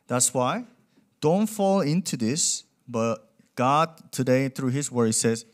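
Lively young male preacher. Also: mid-range voice, takes it slowly. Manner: animated, acts out quoted voices, non-native grammar. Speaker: pastor. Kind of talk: sermon with storytelling.

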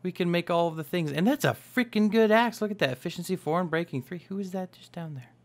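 A young man chatting casually as he narrates his own gameplay, upbeat and quick to exclaim. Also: high-pitched. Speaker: Minecraft let's play host.

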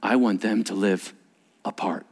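A man preaching a sermon as a pastor, telling stories with animated delivery and acting out little voices. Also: fairly low pitch, measured pace. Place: church sanctuary.

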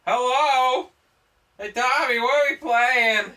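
A man's voice: high voice, animated, unhurried, recorded from a distance, loud music behind the voice. A man co-hosting a let's play, joking, teasing and laughing with his friend. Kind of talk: joking gameplay banter.

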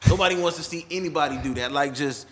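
Laid-back slangy young DJ. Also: male voice, on the high side, fast. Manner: laid-back, slangy, animated when mimicking people. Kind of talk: casual interview chat.

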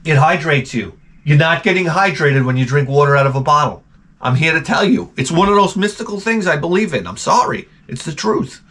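A man's voice: on the high side, expressive, fairly quick, a bit bright. A man hosting his channel, rambling casually and comically, with frequent profanity. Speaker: channel host.

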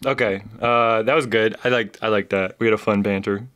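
A young man guesting on a podcast, chatting playfully with quick banter. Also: fairly low pitch, steady tone, fairly bright tone. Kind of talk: casual chat.

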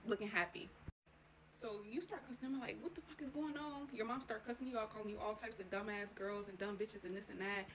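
A woman tells a chaotic story straight to camera, quick and animated, with plenty of cursing. She speaks at a brisk clip at an ordinary pitch. There is a faint hiss behind her voice. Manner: profane, animated, tells it in second person. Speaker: storytime vlogger. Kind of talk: casual storytime retelling.

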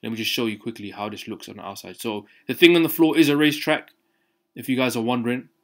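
A young man talks through a video game at a brisk clip, his voice sitting at an ordinary middle pitch. He keeps calling out to his viewers in a casual, slangy way, excited about what he is showing. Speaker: gaming YouTuber. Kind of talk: casual gameplay commentary.

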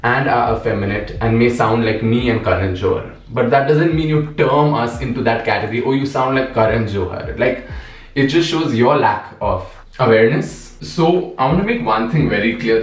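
A man's voice: medium pitch, moderate pace, roomy sound, far from the mic, rough recording. A young man with an Indian accent, effeminate and impassioned, talking emphatically in a get-ready-with-me vlog. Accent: Indian-accented English. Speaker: vlogger.

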